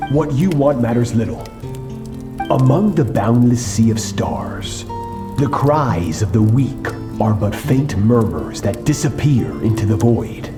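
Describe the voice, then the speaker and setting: An actor playing a stern, aloof master swordsman who speaks slowly and gravely to his student, in a game cutscene. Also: mid-range voice, expressive, lightly acted. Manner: slow, grave and unyielding. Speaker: teacher of a young student. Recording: echoey game audio over music. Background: music.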